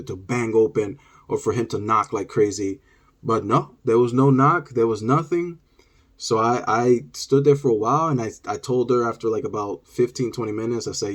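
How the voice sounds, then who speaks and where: A man tells a childhood story in his vlog, animated and peppered with "like" fillers. His voice sits mid-range with a husky, slightly rough grain. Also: medium pitch. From New York. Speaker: vlogger.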